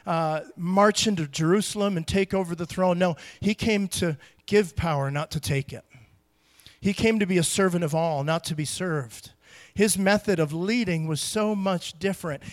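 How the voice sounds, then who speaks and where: A man's voice: high voice, a little slow, long pauses. A middle-aged man preaching a sermon as pastor, in a conversational style that acts out quotes with strong emphasis.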